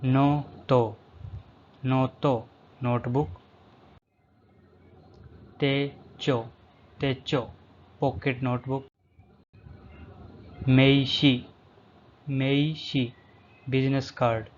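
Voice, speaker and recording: Very slow man drilling vocabulary. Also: mid-range voice, level tone. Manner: says each word twice, then the English. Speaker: language teacher. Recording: slightly dull lo-fi recording, faint background hum.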